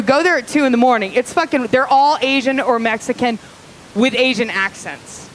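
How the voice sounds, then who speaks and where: A woman's voice: a little high, moderate pace, poor audio. Woman doing stand-up in a club, swears a lot, chatty and crude, faint hiss behind. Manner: profane, crude, conversational. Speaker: stand-up comedian. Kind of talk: live stand-up set. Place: live comedy club.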